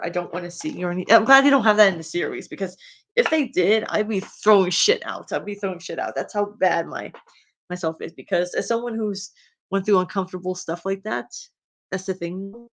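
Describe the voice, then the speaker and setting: An outspoken woman with a Spanish accent, streaming and chatting loosely as she comments on fan fiction. Her talk wanders, full of ums, likes and restarted sentences. She voices her views bluntly and with plain exasperation. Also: medium pitch. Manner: rambling, with many fillers and restarts. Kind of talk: casual rambling commentary while reading fan fiction.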